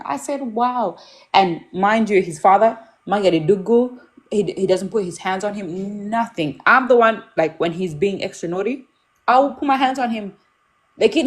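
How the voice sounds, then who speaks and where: A young woman chatting casually as a mother, telling stories candidly and acting out what people said. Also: mid-range voice. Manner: candid, storytelling, acts out quotes. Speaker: mother talking about parenting. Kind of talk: casual chat.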